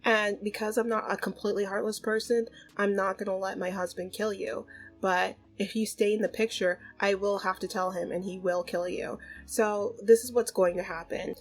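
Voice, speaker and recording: A woman's voice: mid-range voice, fairly even intonation, normal speed, faint music behind, natural voice, poor audio. A woman voicing a protective, scheming mother who issues blunt threats in a life-sim story. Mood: stern. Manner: threatening, bossy.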